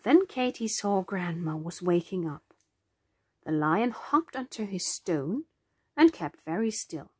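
A woman narrating a children's storybook in a gentle, expressive way. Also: fairly low pitch, slow, husky, dry recording, clean studio sound.

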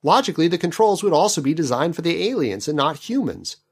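Wry, animated male podcast host. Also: fairly high pitch, quick pace, husky. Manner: wry, skeptical, picking apart plot logic. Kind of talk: book commentary podcast.

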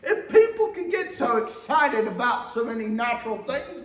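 A pastor from Georgia, USA preaches a sermon in a church sanctuary, impassioned and swinging between loud outcries and low, quiet stretches with big shifts in pitch and volume. He speaks at normal speed, and the mic's distance makes the church sound echoey.

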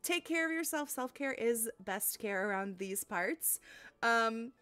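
High-voiced, unhurried young woman streamer. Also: smooth. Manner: gushing and excitable, lots of ums. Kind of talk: casual live-stream chat. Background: faint lo-fi music.

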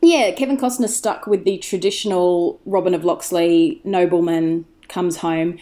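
A woman's voice: lowish voice, fairly even intonation, unhurried, warm tone. A woman talking as a podcast guest, chatty and enthusiastic, wandering off on tangents as she tells the story. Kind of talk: casual chat.

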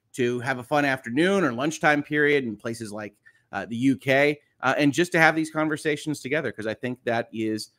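Upbeat guy hosting a morning livestream, chatty, mid-pitched voice, reads out viewer comments. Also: fairly bright tone. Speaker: host of a legal news livestream. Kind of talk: casual livestream chat.

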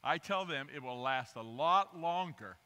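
A man preaching as a guest speaker, telling personal stories with animated, rising emphasis. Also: on the high side, unhurried. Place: church sanctuary. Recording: long church hall reverb.

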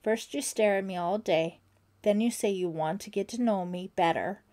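A woman voicing a pushy, quick-tempered teenage boy who is a camp counselor, speaking in a cocky, sulky manner. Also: mid-range voice, darkish tone, natural voice. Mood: annoyed.

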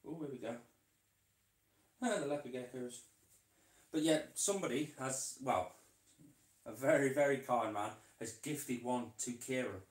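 A man's voice: medium pitch, unhurried, long pauses, distant mic. A man chatting casually as he works with his reptiles, rambling and talking to his animals along the way. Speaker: reptile keeper vlogger. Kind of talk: casual vlog chat while working. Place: indoor reptile room. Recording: roomy sound, away from mic.

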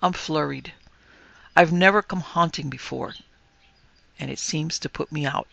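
Man doing a bashful young ghost, meek and apologetic, gravelly, bright-toned. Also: a little high, unhurried, highs cut off, full character voice. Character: timid awkward young male ghost.

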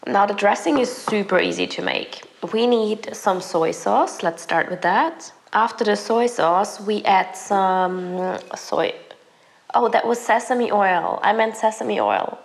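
A young woman, sick and hoarse, chatting casually to viewers while cooking in her home kitchen. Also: medium pitch, slow pace. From Germany. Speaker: lifestyle vlogger. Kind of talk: casual cooking vlog chat.

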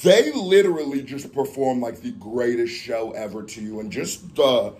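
A man hosting a casual reaction video, excitable with loud outbursts, a little out of breath. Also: medium pitch, moderate pace, a little hiss or hum. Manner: excitable, loud outbursts and chanting between talk.

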